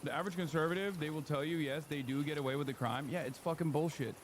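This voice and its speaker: Animated, swearing male streamer, high voice. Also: fast, slight background noise. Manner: animated, profane, mocking quoted voices. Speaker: streamer reacting to a clip. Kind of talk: casual political commentary.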